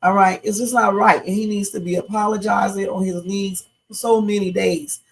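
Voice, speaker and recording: Woman host, live reaction stream, opinionated and chatty, gravelly edge. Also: medium pitch, fairly even intonation, normal speed, rough recording. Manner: chatty, opinionated, talks to viewers as y'all. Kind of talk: casual live reaction commentary.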